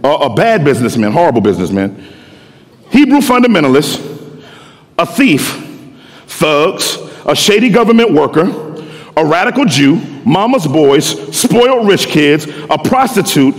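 Animated slangy preacher. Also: male voice, a little high. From Philadelphia. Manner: slangy, animated, repeats words. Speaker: pastor. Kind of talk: sermon. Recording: echoey hall.

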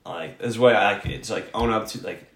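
A man co-hosting a casual podcast, blunt and swearing freely, with plenty of filler words. His voice sits a little low. The sound is roomy and echoey. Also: moderate pace, vocal fry, fairly bright tone. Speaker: podcast co-host. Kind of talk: casual chat. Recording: echoey room.

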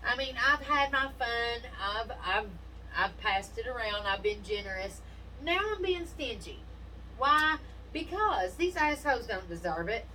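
A woman with a bright, forceful voice trades blunt, profane stories in a casual chat, telling them with plenty of animation. She sits some way off the mic, and a faint hiss runs under her voice. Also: on the high side, lively intonation, measured pace. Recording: distant mic with faint noise.

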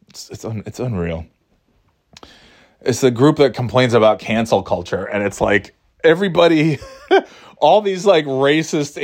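A man hosting a podcast, chatting casually about movies in a rambling, profane way, acting out scenes in mocking voices. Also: mid-range voice. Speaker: podcast host.

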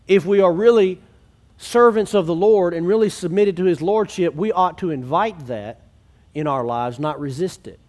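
A man's voice: fairly high pitch, a little mellow. A man preaching a sermon to a congregation in a church, earnest and conversational, asking the room rhetorical questions. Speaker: pastor. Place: church sanctuary.

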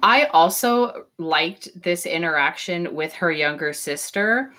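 A woman's voice: fairly low pitch, lively intonation, slow pace, sharp tone. A woman co-hosting a casual book discussion, candid and wry, swearing freely. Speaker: book podcast co-host.

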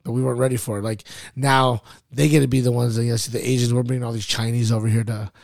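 Gravelly-voiced rambling podcast host, man. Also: medium pitch, flat delivery, quick pace, no room sound, clean studio sound. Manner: loose, rambling, swearing, says "like" a lot. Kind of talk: casual podcast chat.

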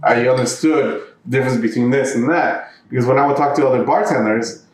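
A man's voice: medium pitch, brisk, echoey room, rough recording. A man who works as a bartender, telling a long story in casual chat with lots of restarts and fillers. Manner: rambling, many restarts and fillers. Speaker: bartender, podcast co-host.

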